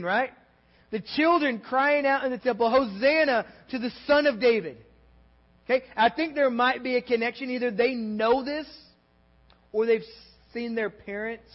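A Texan-accented man preaches in a sanctuary, and his voice sits fairly high for a man. He talks to the room like a friend, tossing in asides and checking that people are following along. The sound is a bit dull, with a long reverb tail hanging off each phrase. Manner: conversational and animated, with asides and audience check-ins. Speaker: pastor. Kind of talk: sermon. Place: church sanctuary.

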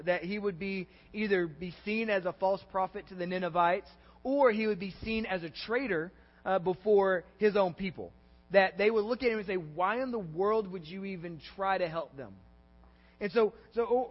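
A pastor preaching a conversational sermon, acting out scripture quotes with feeling. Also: male voice, high-pitched, in a large hall, dull audio. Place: church sanctuary.

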